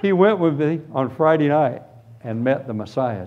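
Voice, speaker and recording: A man preaching and giving his personal testimony, telling it as a lively story and acting out the other people in it. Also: fairly high pitch, normal speed, lo-fi sound, crowd noise, noisy background. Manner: animated storytelling, acts out voices. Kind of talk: testimony sermon.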